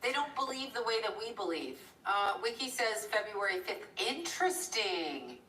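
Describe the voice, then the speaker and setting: Bright-voiced woman rambling in a roomy space. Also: medium pitch, big pitch swings, normal speed, a little hiss or hum. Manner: rambling, blunt and profane, chuckling. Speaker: live-streaming artist. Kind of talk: casual live-stream chat while drawing. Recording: roomy echo from a distant mic.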